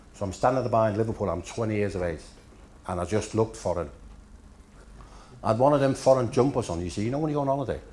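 A man's voice: lowish voice, a little mellow, slight background noise. A man in his fifties from Denmark, a Danish native speaker, telling after-dinner stories with dry punchlines at a hotel function room dinner.

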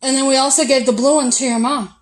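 Chatty high-pitched mom listing groceries. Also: female voice, steady tone, fast, low-quality recording. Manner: chatty, listing items one after another. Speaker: mom vlogger. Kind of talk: casual grocery haul vlog. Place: at home.

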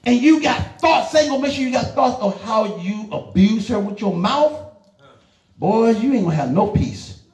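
A high-voiced middle-aged man preaching with a drawl, urging his listeners on and then dropping low. His voice rings around a roomy church hall, with plenty of echo. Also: moderate pace. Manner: animated, emphatic, lively swings between loud urging and low asides. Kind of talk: sermon.

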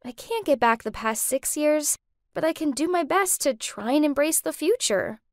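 A woman's voice: sits high, lively intonation, moderate pace, no room sound, clean studio sound. A woman narrating a personal story in the first person, reflective and wistful.

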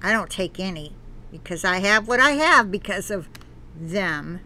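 Woman, channel host, reads an article aloud slowly with preachy asides; bright, fairly high voice. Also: animated. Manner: earnest, preachy asides between read passages; halting, with restarts. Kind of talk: reading an article aloud with commentary.

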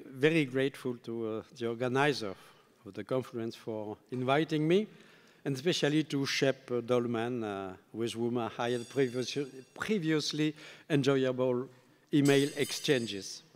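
An older man with a French accent giving a conference keynote, tired and halting, with many fillers and self-deprecating remarks. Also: mid-range voice. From France. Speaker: keynote speaker. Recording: long hall reverb.

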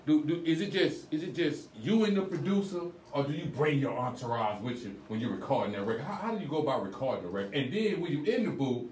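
A laid-back man hosts a radio interview, his voice a touch high for a man. He talks in loose slangy questions and stumbles over repeated words. The recording sounds echoey and distant, with a faint hiss. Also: expressive, quick pace, few pauses, darkish tone. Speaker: radio show host. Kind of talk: casual interview.

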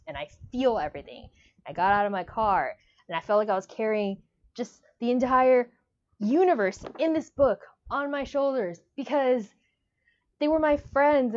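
Gushing young woman, lo-fi audio. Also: on the high side. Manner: gushing, emotional, animated. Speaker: book reviewer. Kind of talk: casual book review vlog. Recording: dull lo-fi audio.

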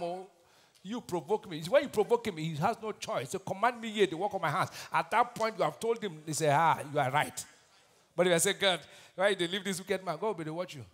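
Pastor preaching loud, high voice swinging all over, big church echo. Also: male voice. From Nigeria. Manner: preaching with sudden shouted peaks and scripture recitation. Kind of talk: fiery sermon. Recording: long hall reverb.

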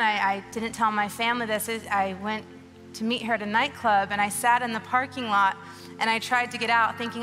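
A woman in her thirties giving an emotional, earnest testimony sermon on a church stage, urging the crowd with rising urgency. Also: on the high side. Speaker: guest speaker. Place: large church auditorium. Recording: long hall reverb with soft music behind.

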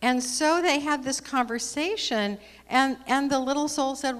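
A woman's voice: sits high, a little slow, few pauses. Woman reading a story aloud in a hall. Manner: warm, conversational, with fillers. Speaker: speaker at a spiritual service. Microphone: handheld microphone. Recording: long hall reverb.

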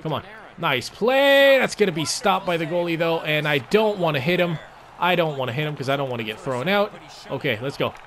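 A young man casually commentating his own gameplay, swearing a lot and jumping from low mutters to loud outbursts. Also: quick pace. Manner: excitable, swears often, swings from mumbling to yelling. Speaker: gaming commentator.

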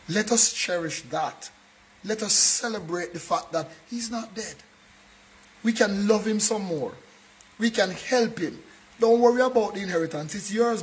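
A pastor with a high voice preaches earnestly in church, repeatedly checking in with listeners by asking whether they follow. The low-quality recording has slight background noise.

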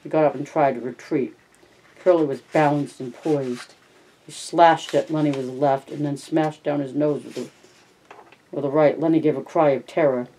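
A narrator reads a novel aloud in a warm, mellow voice. The reading is loose and unpolished, with slips, restarts and an occasional aside of commentary. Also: mid-range voice, steady tone, moderate pace, a little hiss or hum, rough recording.

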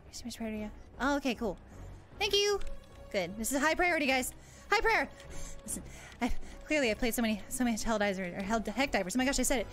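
Giggly high-voiced woman streamer. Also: rapid-fire, faint music behind. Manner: playful, giggly, self-mocking panic. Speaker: VTuber streamer. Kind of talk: casual gameplay livestream.

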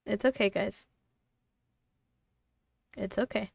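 Slow-talking young woman streamer. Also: mid-range voice, steady tone, vocal fry, husky, no echo, studio quality. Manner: exasperated, swearing, laughing at tech trouble. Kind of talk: casual live-stream chat.

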